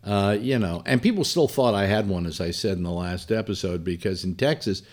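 A man's voice: fairly low pitch, expressive, brisk, darkish tone. An older man, a former radio personality, telling rambling stories about his career in a casual monologue with lots of fillers and colorful asides. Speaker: former radio host reminiscing.

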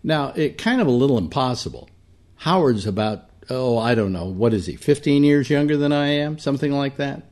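An older man with a dark, mellow voice tells stories from his radio career in a loose, conversational way. His pitch jumps around a lot as he slips into short voices for other people. He sounds like a veteran broadcaster reminiscing. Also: brisk. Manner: animated, quotes other people in brief voices. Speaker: radio host. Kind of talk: casual reminiscing storytelling.

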